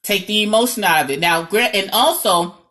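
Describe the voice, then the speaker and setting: Animated New York woman giving advice. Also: medium pitch, a little fast. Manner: animated, dramatic and sarcastic, checks in with "okay?". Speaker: marriage coach. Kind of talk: direct-to-camera advice talk.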